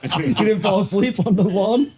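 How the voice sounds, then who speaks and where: A man hosting a casual chat, asking relaxed, joking questions. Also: high-pitched, normal speed, faint music behind. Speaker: host. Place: cannabis company campus studio.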